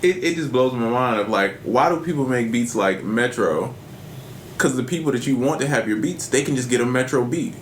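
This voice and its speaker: A man's voice: mid-range voice, animated, brisk. A man co-hosting a podcast, talking casually and jokingly in slang, sometimes reading out listener questions. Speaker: podcast co-host. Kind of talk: casual chat. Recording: roomy with faint background noise.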